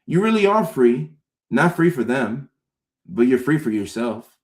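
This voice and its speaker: A man hosting a comedic talk-show monologue, acting out friends' voices with big jumps in pitch. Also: very animated, a little slow, darkish tone. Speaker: host. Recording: roomy echo.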